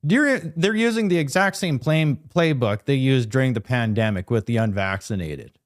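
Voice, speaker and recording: A man's voice: mid-range voice, sing-song, moderate pace, few pauses. A man hosting political commentary, talking emphatically in a ranting, sarcastic way. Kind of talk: opinionated news commentary.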